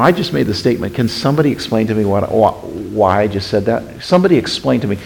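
A man preaching a sermon as pastor, questioning the congregation and swinging between hushed, intimate passages and emphatic, raised ones. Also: medium pitch, vocal fry, low-quality recording.

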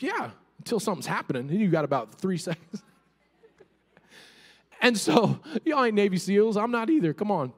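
A man preaching to his congregation in a church. His voice sits high and leaps up and down as he moves from playful asides to fervent appeals. A long reverb trails each phrase through the sanctuary. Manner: animated preaching with humorous asides and calls to the congregation. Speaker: pastor. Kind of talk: sermon.

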